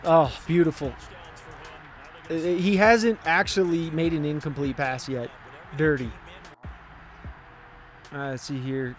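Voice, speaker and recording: A young man with a lilt and a slightly high voice narrates a football video game, rambling between plays and yelling when something big happens. Faint music plays under him. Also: steady tone, a little slow, pauses often. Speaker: gaming channel host. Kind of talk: excited video game commentary.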